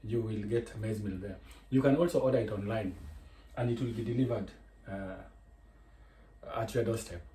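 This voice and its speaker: With a warm, lowish voice, a Kenyan-accented man walks through a home cooking tutorial at a normal pace, pausing often. He is chatty and digressive as he explains each step, and his kitchen sounds echoey with faint noise.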